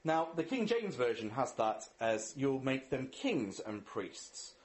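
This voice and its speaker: A man's voice: mid-range voice, sing-song, takes it slowly. A man preaching a sermon in an earnest way, reading scripture, asking rhetorical questions and leading a prayer.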